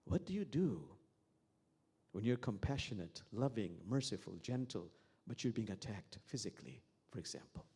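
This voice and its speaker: A man's voice: fairly low pitch, big pitch swings, normal speed, warm tone, breathy edge. A man, an imam, giving a reflective sermon with stories and repeated key phrases. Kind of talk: sermon with storytelling.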